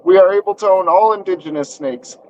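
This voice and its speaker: A relaxed man from Texas, co-hosting a casual podcast chat with short, agreeable replies. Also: sits high, brisk, slight background noise, low-quality recording. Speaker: podcast co-host.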